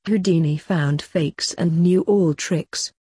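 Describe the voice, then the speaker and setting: A woman reading a short story aloud in a calm, even storytelling voice. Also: lowish voice, slow pace, breathy edge, no room sound, studio quality. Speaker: narrator. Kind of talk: scripted story narration.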